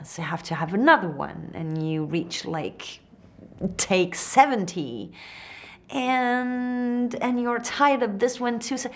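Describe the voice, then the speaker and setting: French actress in an interview, low voice, unhurried and hesitant, searching for her English words. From France. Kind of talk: interview answers.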